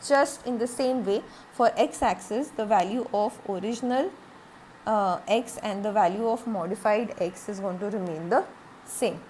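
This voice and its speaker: A woman's voice: medium pitch, moderate pace, a little mellow, slight background noise. A woman giving a recorded classroom lecture, explaining step by step, repeating points, with frequent "okay" and "uh".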